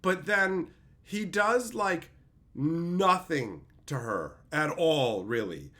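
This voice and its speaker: A man's voice: on the high side, expressive, drawn-out words, pushed and bright. A man streamer ranting in a profane, mocking way, mimicking people in silly voices. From Canada. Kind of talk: ranting commentary.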